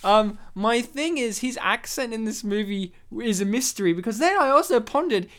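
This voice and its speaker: A man with an Australian accent hosting a casual podcast chat, animated and quick to swear and laugh. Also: high-pitched. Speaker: podcast host.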